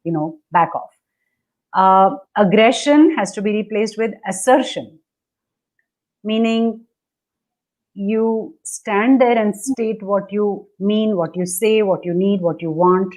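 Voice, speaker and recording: A woman's voice: mid-range voice, takes it slowly, a little mellow. Woman teaching step by step. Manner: dictates step by step, acts out quoted attitudes. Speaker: relationship coach guest. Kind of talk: instructive conversation.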